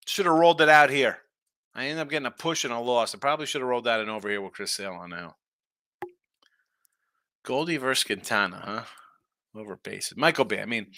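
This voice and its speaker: A man hosting a sports betting show, chatting casually and reacting to viewer comments in a lively, tired-but-animated way. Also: mid-range voice, no room sound, studio quality. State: tired, yawning. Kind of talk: casual betting talk reading chat.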